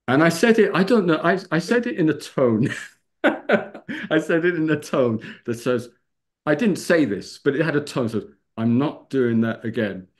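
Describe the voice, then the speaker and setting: Preacher in his fifties, animated storyteller, sermon over a video call. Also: normal speed. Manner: animated storyteller, rising pitch for emphasis. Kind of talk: sermon with personal stories.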